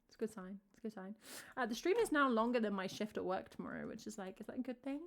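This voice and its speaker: This woman from England, a singer-songwriter, talks fast in a mid-range voice with lively intonation as she chats between songs on her live stream. Her English-accented talk rambles and interrupts itself, packed with "like."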